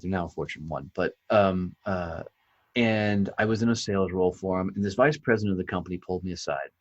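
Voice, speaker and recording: A husky, slightly low-pitched man, middle-aged and from the rural United States, tells stories as a podcast guest. He talks bluntly and with a bit of profanity, and he often tags his points with "right?". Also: muffled recording. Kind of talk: casual storytelling.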